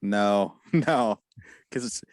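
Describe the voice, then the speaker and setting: Low-voiced deadpan podcast co-host. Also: male voice, very slow, no echo. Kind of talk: crude comedy podcast banter.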